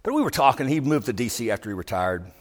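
A man giving an impassioned speech to a live audience, talking emphatically and swinging from loud outbursts to low asides. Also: sing-song, quick pace. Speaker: public speaker addressing a live audience. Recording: long hall reverb.

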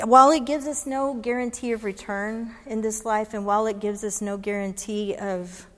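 A woman police chaplain speaks to an audience, earnest and heartfelt, slipping into the voices of the people in her story. Her voice sits at an ordinary middle pitch. A long hall reverb trails each phrase. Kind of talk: inspirational storytelling speech.

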